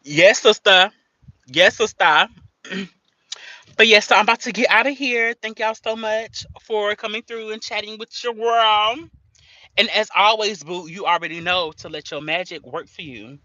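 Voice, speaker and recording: A woman's voice: mid-range voice, steady tone, moderate pace, sharp tone, no echo. A woman hosting a casual livestream, playful and slangy, laughing often as she chats to her viewers. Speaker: livestream host. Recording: dull lo-fi stream audio.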